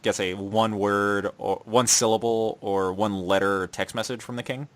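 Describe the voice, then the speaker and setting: A man's voice: on the low side, steady tone, normal speed. A young man co-hosting a casual podcast, recapping an anime and acting out its characters' lines in shifting voices. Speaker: podcast co-host.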